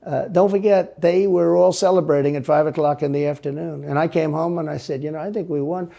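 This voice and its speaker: Man in an interview, gravelly raspy voice, kinda dark and mellow, goes on and on repeating himself. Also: on the high side, steady tone, brisk. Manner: rambling, repetitive, emphatic. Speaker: interview guest. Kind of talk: political interview answers.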